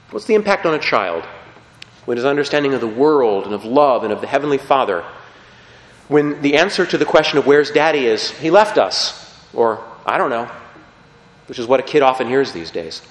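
A man preaching a sermon with emphatic, animated delivery, often checking in with his listeners. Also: medium pitch. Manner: animated, emphatic, frequent "okay?" check-ins. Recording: roomy hall with long reverb.

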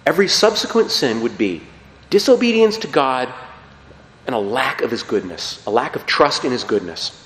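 A man preaching a sermon with emphatic, animated delivery, often checking in with his listeners. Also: medium pitch, normal speed. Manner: animated, emphatic, frequent "okay?" check-ins. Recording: roomy hall with long reverb.

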